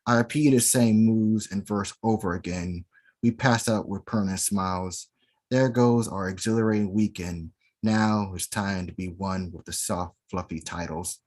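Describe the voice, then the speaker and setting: Man slowly reciting a steamy poem. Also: fairly low pitch, darkish tone. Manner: theatrical, slow and deliberate. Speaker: poet performer. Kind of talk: performing spoken word poetry.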